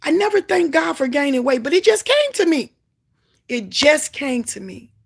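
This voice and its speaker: A woman sharing a Christian testimony in a preaching style, fervent and emphatic, swinging between loud exclamations and low asides. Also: big pitch swings, moderate pace, creaky. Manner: emphatic repetition.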